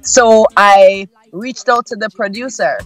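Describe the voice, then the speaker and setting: Calm woman, radio guest. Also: mid-range voice, slow pace, no room sound. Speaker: guest musician. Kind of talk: radio interview.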